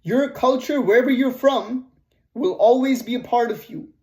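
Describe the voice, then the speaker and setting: A man's voice: extremely high pitch, moderate pace, a little mellow. A man with a Canadian accent telling a personal story in a casual vlog, blunt and profane. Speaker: vlogger.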